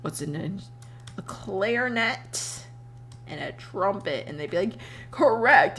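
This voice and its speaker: A young adult woman streamer chatting casually while she draws, telling animated stories, laughing often and swearing freely. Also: lowish voice, slow, pauses often, breathy edge. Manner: animated storytelling with voiced quotes.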